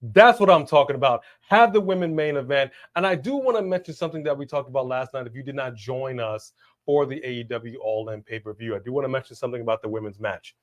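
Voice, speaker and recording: A man co-hosting a live wrestling watch-along stream, chatting casually, slangy and animated as he reads out viewer messages. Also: mid-range voice, fast.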